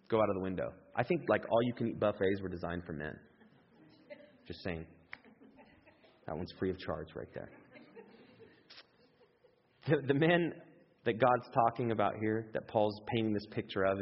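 A man preaches a sermon with a low, husky voice, acting out eager quotes with sudden high leaps in pitch. The sound is dull and lo-fi, with a long echo from a large hall. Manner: animated, acts out excited quotes with big pitch jumps. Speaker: pastor.

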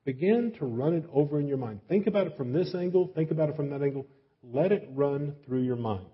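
A man's voice: fairly high pitch, animated, a little fast, husky. A man preaching a sermon in a folksy, self-deprecating way, asking his listeners many questions. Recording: slightly dull, lo-fi recording.

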